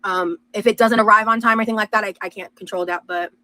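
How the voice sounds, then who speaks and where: A woman's voice: mid-range voice, steady tone, fast talker, bright, forceful tone, no room sound, low-quality recording. A woman vlogger chatting casually and reading out viewer messages in an upbeat way. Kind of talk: casual vlog chat.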